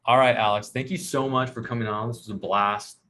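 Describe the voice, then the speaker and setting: Podcast host guy telling a story, animated, does everyone's lines, mid pitch. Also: fairly quick. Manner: animated storyteller acting out quotes. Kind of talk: casual storytelling chat.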